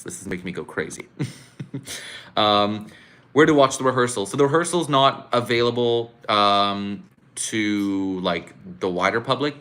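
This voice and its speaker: A deep-voiced man with a sharp tone hosts a casual live stream from a room at home. Reacting to a contest, he chats with viewers and vents his frustration in exclamations.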